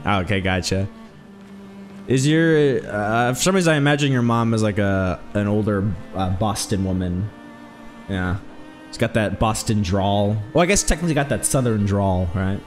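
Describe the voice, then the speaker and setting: A man streaming a video game, chatting casually and rambling, with sudden loud exclamations when something excites him. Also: lowish voice, moderate pace, long pauses, soft background music. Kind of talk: casual let's-play chat.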